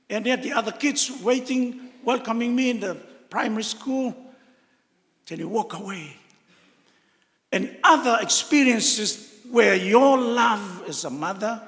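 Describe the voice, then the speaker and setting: An older man with a Tongan accent, a cardinal telling a personal story with heartfelt emotion and pauses. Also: high voice, expressive, fairly bright tone, in a large hall. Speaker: cardinal giving a talk. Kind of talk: personal testimony talk.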